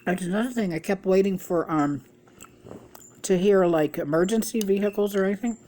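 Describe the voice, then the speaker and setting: A woman's voice: medium pitch, normal speed, dark tone. A middle-aged woman vlogger telling a rambling, gossipy story in a casual way, swearing freely. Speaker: mukbang vlogger.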